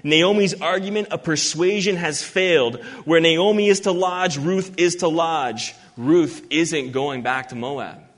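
A man preaching an expository sermon, earnest and emphatic, reading scripture slowly. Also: fairly high pitch. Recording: long hall reverb.

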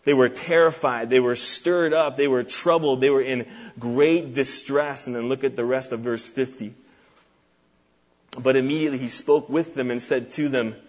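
A male pastor delivers an earnest expository sermon in a voice of ordinary middle pitch. He reads long scripture passages aloud, then lowers and softens his voice for the quoted divine words. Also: steady tone, normal speed.

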